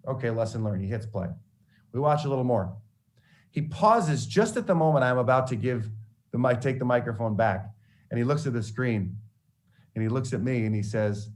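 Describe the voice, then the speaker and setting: A male sportscaster from Minnesota speaks to a room of students in an easy storytelling tone. His pitch sits at a middle level, and he keeps the account candid and animated. He often restarts his sentences as he talks. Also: moderate pace. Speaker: sportscaster giving a mentoring talk.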